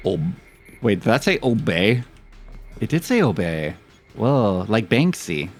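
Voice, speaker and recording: Jokey, low-voiced male streamer. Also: sing-song, a little slow, creaky. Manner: chatty, jokey, swears freely. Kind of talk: gaming stream commentary. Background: faint game music.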